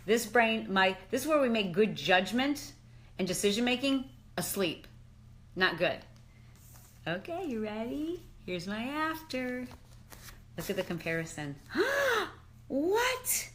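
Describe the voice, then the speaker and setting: A middle-aged woman on a casual live chat, excited and exclamatory, slipping into slangy asides. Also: mid-range voice, unhurried. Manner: animated and exclamatory, often says "dude". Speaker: fitness and lifestyle expert.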